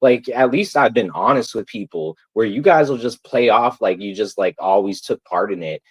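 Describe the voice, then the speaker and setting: A man's voice: on the low side, lively intonation, normal speed, slightly rough, low-quality recording. A man ranting angrily to his livestream viewers, heated, profane and repetitive. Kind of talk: angry livestream rant.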